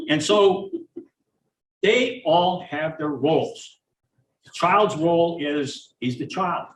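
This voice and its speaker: An older man, a retired child neuropsychologist, giving a blunt, folksy talk to parents and acting out parents and teachers in quick asides. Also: fairly high pitch, lively intonation. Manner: blunt, folksy, plain-spoken. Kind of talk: public lecture to parents. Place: meeting room or auditorium. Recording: roomy, from a distance, faint hiss.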